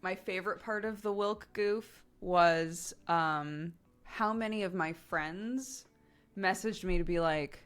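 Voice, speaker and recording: A woman with a lowish voice speaks slowly in a clean tone, chatting casually on a live stream. She tells family stories as an animated storyteller, laughing often and acting out her relatives' lines.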